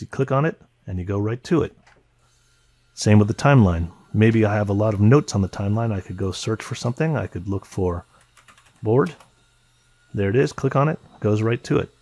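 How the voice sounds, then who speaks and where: A man teaching a software editing tutorial, naming keyboard shortcuts in short clipped bursts as he demonstrates. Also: fairly low pitch, no room sound. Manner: calls out key names in short clipped bursts. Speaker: video editing instructor. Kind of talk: screen-recorded software tutorial.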